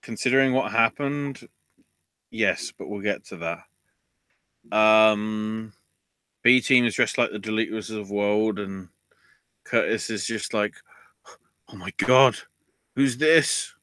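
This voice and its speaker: Bright-voiced man in a casual podcast rant. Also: slow, pauses often, smooth, no room sound. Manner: ranting, swears, voice jumps high when riled. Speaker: podcast host.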